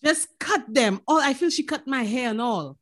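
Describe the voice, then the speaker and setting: A woman with a Saint Lucian accent, a podcast co-host telling lively stories in casual chat, laughing and swearing freely. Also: sits high, moderate pace.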